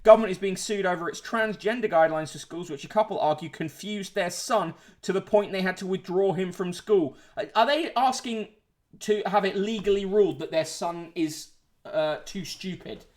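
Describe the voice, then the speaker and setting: A man's voice: sits high, normal speed. A man hosting a casual livestream, reading out newspaper headlines and chat comments with sardonic asides, swearing and frequent fillers. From United Kingdom.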